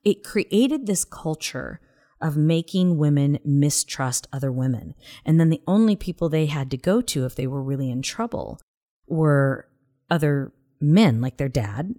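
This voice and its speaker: Expressive and low-pitched, her dark voice runs a little slow. This Southern-accented woman co-hosts a podcast, chatting casually and earnestly, with moments where she whispers.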